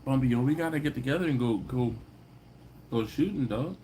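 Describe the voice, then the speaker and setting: Casual live-stream host, a man, mid-pitched voice, storytelling and laughing, faint hum in the room. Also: fairly quick, dark tone. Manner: storytelling, laughs often, acts out quoted people in a higher voice.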